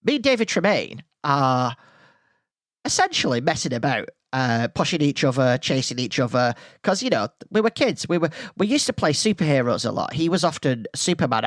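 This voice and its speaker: A man's voice: medium pitch, dry recording, clean studio sound. A man hosting a podcast, telling a school story in a casual, rambling way full of tangents. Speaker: podcast host.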